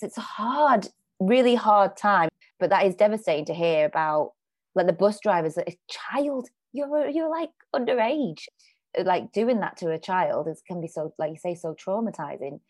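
A woman's voice: lowish voice, darkish tone, no echo. A woman hosting an interview podcast, chatty and rambling, full of "like" and restarts. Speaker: podcast host. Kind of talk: casual interview chat.

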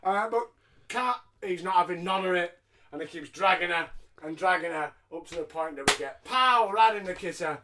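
High-voiced man recapping wrestling. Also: normal speed, noisy background. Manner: sarcastic, swearing, jokey. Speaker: podcast co-host. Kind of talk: casual wrestling recap chat.

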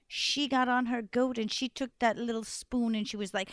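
A woman telling a folk tale to an audience in an expressive, playful way, with dramatic pauses. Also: on the high side, dry recording. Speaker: storyteller. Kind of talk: animated storytelling to an audience.

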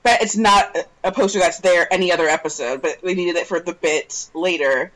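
A woman co-hosting a podcast, chatting casually with sarcastic, lively remarks. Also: fairly low pitch, fairly quick, low-quality recording. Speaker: podcast co-host. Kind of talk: casual chat.

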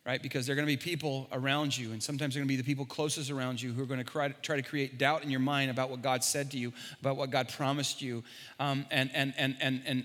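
A man preaching a sermon as pastor, animated and jokey, stumbling and repeating words. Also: mid-range voice. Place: large church hall. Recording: long hall reverb.

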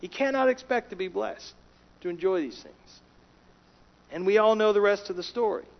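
Male preacher, sermon, emphatic, fairly high voice, dull lo-fi sound. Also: normal speed, vocal fry. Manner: emphatic, rising and falling in pitch and volume.

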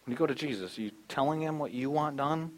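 A man's voice: on the high side, fast talker. A man in his thirties preaching a sermon as a pastor, conversational and storytelling, acting out the voices in his stories.

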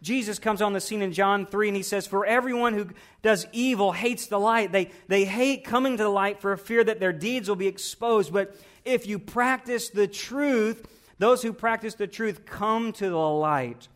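A man's voice: sits high, moderate pace. A man pastor preaching a sermon in a conversational way, asking rhetorical questions and often repeating his words.

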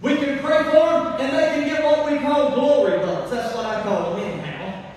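High-voiced preacher in an echoey church. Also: male voice, normal speed, slight background noise. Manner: animated, emphatic preaching with asides to the congregation. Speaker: pastor. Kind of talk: sermon. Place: large church sanctuary. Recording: echoey hall from far off.

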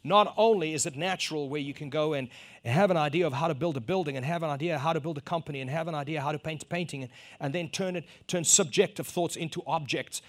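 Preaching a sermon, this middle-aged man from South Africa recounts a personal story and performs the back-and-forth himself, building to loud emphasis. He talks fast, with a somewhat high voice.

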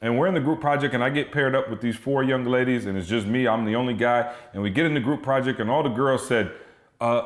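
A man in his thirties, a motivational speaker, telling stories as a podcast guest in an animated, emphatic way. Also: medium pitch, quick pace, roomy sound. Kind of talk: energetic storytelling.

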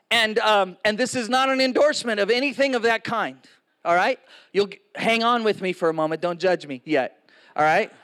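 A man's voice: high voice, a bit bright. A man in his sixties preaching a sermon to a congregation, casual and joking, with frequent asides to the audience. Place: in front of a live congregation.

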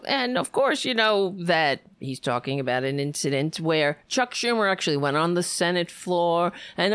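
Reacting to a political clip, a woman vents furiously, swearing and tossing sarcastic asides between her points. Her voice is a bit bright, clear and resonant, leaping high and dropping low as she rants. The audio is close and dry, without room echo.

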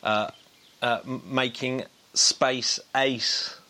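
A man's voice: medium pitch, steady tone, drawn-out words, bright, forceful tone. A man co-hosting a podcast in casual chat, enthusiastic, with many stammered restarts. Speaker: podcast co-host.

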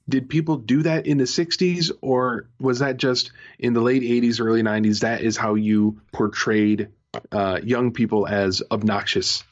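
A man co-hosting a podcast, chatting casually about a TV episode, rambling with lots of fillers and restarts. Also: medium pitch. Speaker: podcast co-host. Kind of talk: casual chat reviewing a TV episode. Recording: muffled lo-fi audio.

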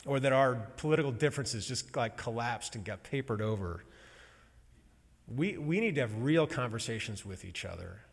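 A man preaches a personal sermon in slow, halting bursts, pausing between phrases as he builds feeling. His voice sits at an ordinary middle pitch. A long reverb trails his words through a large hall. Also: lively intonation, gravelly, breathy edge. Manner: slow, halting, emotional storytelling with pauses.

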